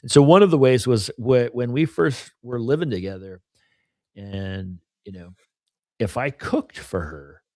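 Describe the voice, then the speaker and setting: A man's voice: mid-range voice, animated, measured pace, dark tone, no echo, clean studio sound. A middle-aged man talking candidly and at length in a casual podcast conversation, often adding "you know" and "right?". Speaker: podcast co-host.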